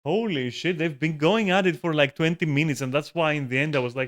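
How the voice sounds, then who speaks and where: A man's voice: fairly high pitch, animated, moderate pace, few pauses, fairly bright tone. A man streaming from a room at home, ranting casually with lots of swearing, restarts and filler words. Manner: swears a lot, frequent restarts and filler likes. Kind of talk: casual rambling rant.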